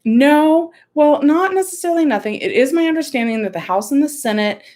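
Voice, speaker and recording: Woman, fairly high voice, home livestream, frustrated, rambling, near tears, computer mic. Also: expressive, a little fast, darkish tone. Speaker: livestream host. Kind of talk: emotional livestream commentary. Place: home room.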